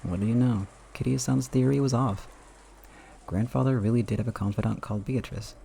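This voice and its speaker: A man's voice: medium pitch, fairly even intonation, fairly quick, gravelly, a little hiss or hum, natural voice. A man voicing a brash young man who speaks in a teasing, incredulous way. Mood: skeptical. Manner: loud, incredulous.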